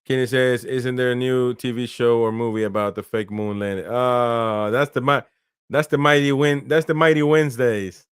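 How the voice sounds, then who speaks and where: Casual man, fan-style play-by-play, smooth voice, dry close mic. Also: medium pitch, fairly even intonation, moderate pace, dry recording. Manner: casual play-by-play, talks to viewers, laughs often. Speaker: watchalong host. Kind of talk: live match commentary and chat reading.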